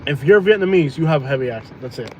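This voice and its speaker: While delivering food, a man streams live from his phone in a noisy car on the road, joking and chatting casually. His voice sits on the high side and sounds animated, fast, and darkish, with lo-fi sound.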